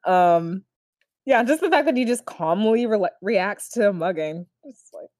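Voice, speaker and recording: A young woman recapping a TV episode in casual chat, laughing often and gushing with animated delight. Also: mid-range voice, normal speed, no echo, clean studio sound.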